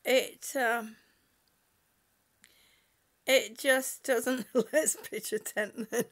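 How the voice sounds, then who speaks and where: Woman livestreamer, high voice, unhurried, chatty, reads out comments, laughs a lot, at home. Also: fairly even intonation. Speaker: livestreamer reading viewer chat. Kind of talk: casual livestream chat. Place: at home indoors.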